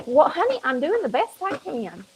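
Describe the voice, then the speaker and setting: A cooking show host with a country Southern accent talks folksily to her viewers while cooking in her home kitchen. Her voice sits high with huge pitch swings at a moderate pace, over a noisy background.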